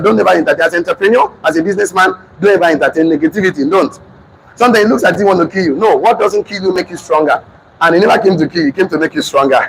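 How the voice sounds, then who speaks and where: A man in his thirties with a Nigerian accent, giving an emphatic motivational seminar talk, often shouting and repeating lines for his audience. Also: high-pitched, creaky. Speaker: motivational speaker. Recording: noisy room recording.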